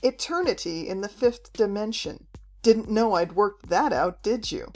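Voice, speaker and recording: Snarling, mocking male villain, as a woman reader puts him on, audiobook, loud and raised delivery, faint music under. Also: mid-range voice, lively intonation, a little slow.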